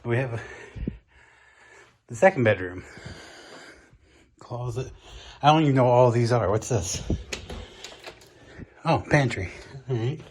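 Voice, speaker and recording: A man giving an excited, out-of-breath handheld room tour of a vacation apartment, exclaiming at each room. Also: medium pitch, a little slow, long pauses, slightly rough. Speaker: vlogger.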